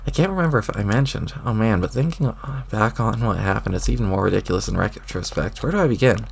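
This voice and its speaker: A man reading a webcomic aloud, voicing a clueless, rambling young male adventurer with old-timey folksy exclamations in a lowered, gravelly voice. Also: fast.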